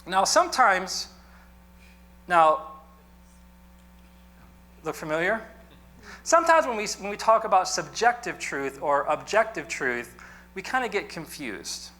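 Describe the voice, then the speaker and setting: Man teacher, bright voice, chatty lecture style with jokes and questions to the class. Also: high-pitched, big pitch swings, a little slow, pauses often. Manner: conversational, joking, asks the class questions.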